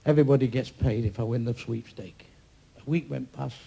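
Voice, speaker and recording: A man's voice: medium pitch, brisk, creaky, dark tone. A man doing a stand-up comedy routine, telling blunt jokes with constant swearing, in a noisy live recording.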